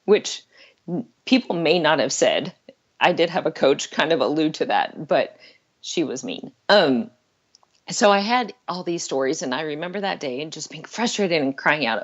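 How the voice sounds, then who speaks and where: A woman's voice: sits low, lively intonation, moderate pace, muffled recording. A middle-aged woman talking earnestly and candidly as a guest on an interview podcast, laughing now and then. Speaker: life coach guest.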